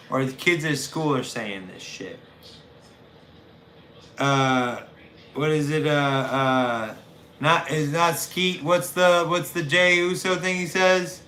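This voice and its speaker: A man's voice: fairly high pitch, takes it slowly, pushed and bright. A man in his thirties hosting a call-in show, chatting casually in a profane, rambling way with lots of fillers. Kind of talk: casual chat. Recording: roomy room with faint noise.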